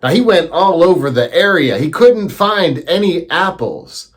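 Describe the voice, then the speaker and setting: A man telling a teaching story as a lesson, animated and acting out the voices he quotes. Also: high-pitched, measured pace, slightly rough.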